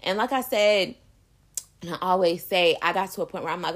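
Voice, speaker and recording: A woman's voice: lowish voice, a little fast. A young woman talking candidly and emphatically in a casual motivational monologue, swearing freely and calling listeners "baby.".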